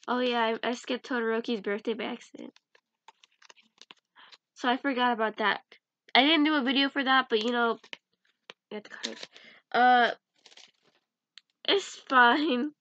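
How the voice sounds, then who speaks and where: A woman's voice: fairly high pitch, a bit bright. A young woman chatting casually in a vlog as she sorts through cards, giggling and mumbling names to herself. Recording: dull lo-fi sound.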